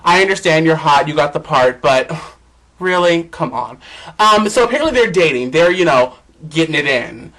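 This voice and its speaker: Male vlog host, high voice, sassy and campy celebrity gossip delivery with big pitch swings. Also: fairly bright tone, poor audio. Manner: swoops between high and low pitch.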